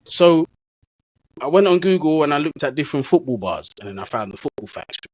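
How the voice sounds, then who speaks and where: A man's voice: fairly high pitch, very animated, brisk, no echo, poor audio. A man, a football content creator, telling stories in a casual, slang-heavy way as a guest in an interview. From England. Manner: easygoing, slang-heavy storyteller.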